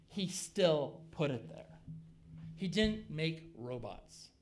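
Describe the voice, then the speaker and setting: A man's voice: on the high side, very animated, takes it slowly. Conversational man preaching a sermon. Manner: conversational preaching, rising to emphatic peaks. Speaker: pastor.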